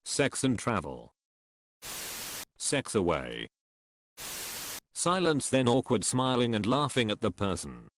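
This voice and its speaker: A man reading online comments aloud in a slow, dry delivery. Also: medium pitch, very animated, a little hiss or hum.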